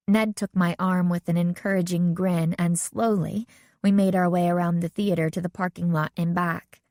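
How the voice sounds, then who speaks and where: A woman's voice: on the low side, fairly even intonation, moderate pace, a little mellow, no room sound. Woman narrating a teen mystery audiobook. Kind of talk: first-person audiobook narration. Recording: dry, close studio sound.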